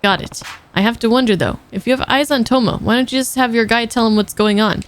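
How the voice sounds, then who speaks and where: A woman streamer reading a stoic male ex-yakuza hero's game lines aloud in a slightly lowered voice. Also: fast, natural voice. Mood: steady.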